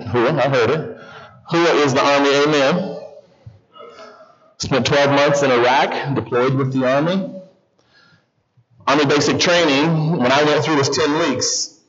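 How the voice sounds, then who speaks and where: A man preaching a sermon as guest pastor in a church, constantly putting questions to the congregation. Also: medium pitch. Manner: animated, keeps questioning the congregation. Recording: slightly dull church recording with audible congregation.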